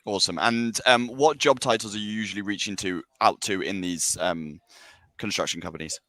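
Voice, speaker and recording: A man from Britain co-hosting a webinar, asking quick upbeat questions in casual chat. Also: on the low side, pushed and bright, dry recording. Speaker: webinar co-host.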